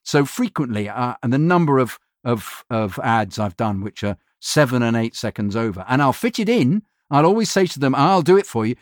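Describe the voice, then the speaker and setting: A man, a voiceover actor, telling lively anecdotes in an interview and mimicking the people he works with. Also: mid-range voice, fairly quick, dry recording, clean studio sound. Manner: animated storyteller mimicking clients.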